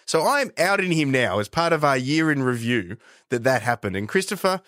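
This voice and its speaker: An Australian man co-hosting a podcast, telling a political story in casual chat with animated delivery. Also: medium pitch, normal speed, no room sound, clean studio sound. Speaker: podcast co-host.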